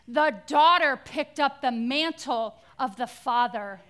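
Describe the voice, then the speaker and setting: A woman with a high, bright, ringing voice gives a slow, deliberate inspirational Christian talk. She speaks dramatically, letting her voice fall to hushed near-whispers and then lifting it again. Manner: dramatic, drops to near-whispers for quoted words. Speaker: conference speaker.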